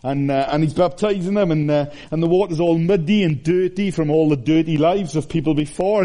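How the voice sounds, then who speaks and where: Animated preacher, mellow voice. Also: male voice, a little high, a little fast, hardly any pauses. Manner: animated storytelling with frequent fillers and restarts. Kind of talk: sermon.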